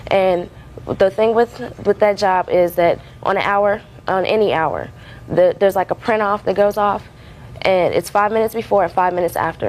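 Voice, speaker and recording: A woman testifying as a defendant in a courtroom. She rambles through her account, padding it with fillers and restarts, and her voice sits at an ordinary pitch over faint room noise. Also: a little mellow, low-quality recording.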